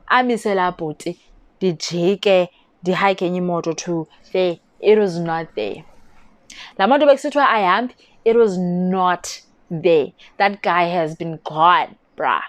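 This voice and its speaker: A young South African woman with a South African accent, telling a story to camera in a casual vlog with animated, indignant bursts. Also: lowish voice, a little slow, no echo. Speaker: YouTuber.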